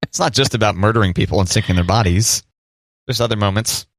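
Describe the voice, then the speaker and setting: A man's voice: lowish voice, fast talker. A man in his thirties co-hosting a podcast, teasing dryly and laughing often in casual chat. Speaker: podcast co-host.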